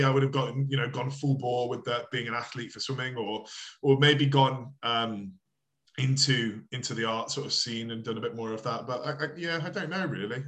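A man's voice: medium pitch, fairly bright tone. A man, a coach chatting as an interview guest, rambling with lots of filler words and casual swearing. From United Kingdom.

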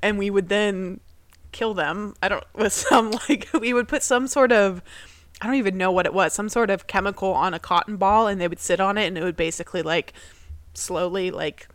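A young woman on a podcast, rambling through a family story with plenty of fillers and quick impressions of her relatives. Her voice sits at an ordinary pitch and sounds close and dry, with no room around it. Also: no room sound. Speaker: podcast co-host. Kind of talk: casual personal storytelling.

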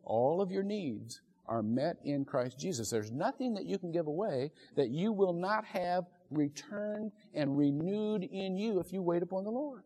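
A man's voice: high voice, lively intonation, a little slow, few pauses, dark tone. A middle-aged man preaching a sermon as pastor, telling stories with animation and laughing often. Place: church sanctuary. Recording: echoey church hall.

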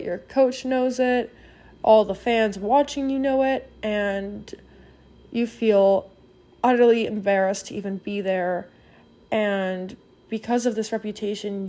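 A woman's voice: medium pitch, warm tone. A woman giving a spoken devotional, retelling a parable in an earnest, encouraging way and speaking straight to the listener.

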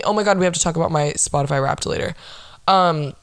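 A woman's voice: low voice, brisk, clean tone, dry recording. Dry, sarcastic young woman podcaster. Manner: dry, sarcastic, profane and rambling. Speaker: podcast host. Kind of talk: casual solo podcast chat.

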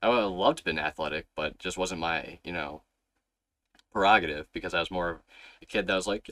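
A man's voice: low voice, brisk, fairly bright tone, no room sound. A young man hosting a podcast, telling a rambling, swear-filled story in casual chat and acting out his younger self. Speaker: podcast host.

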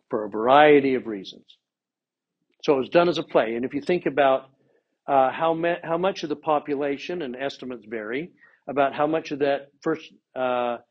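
A man teaching an informal scripture class, animated and lively, acting out quotes with plenty of voice inflection. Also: mid-range voice, husky, muffled recording.

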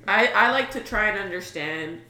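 A woman's voice: medium pitch, lively intonation, moderate pace, bright, forceful tone. Laughing woman leading a chat in an echoey room. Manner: laughs a lot, asks the others questions. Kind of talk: casual group chat. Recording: echoey room with crowd chatter.

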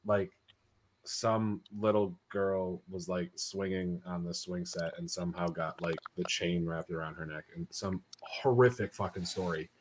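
Lowish-voiced young man telling ghost stories. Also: unhurried, a little hiss or hum, low-quality recording. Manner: profane, animated, swears freely. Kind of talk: casual podcast storytelling.

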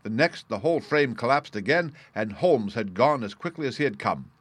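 A man narrating an audiobook in a measured, even storytelling manner. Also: medium pitch, husky, dry recording. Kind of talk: scripted narration.

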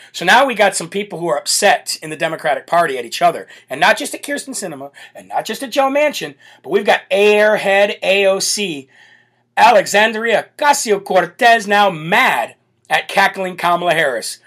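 A man's voice: high-pitched, fairly bright tone. A man hosting a political talk show, ranting in a brash, sarcastic and mocking way. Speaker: political podcast host.

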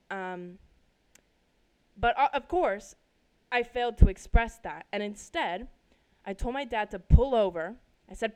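A young woman from Colorado hosting her own podcast, telling a personal story casually, swearing freely and bursting loud at the dramatic parts. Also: medium pitch, clean tone. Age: young adult. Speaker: podcast host. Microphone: desk microphone.

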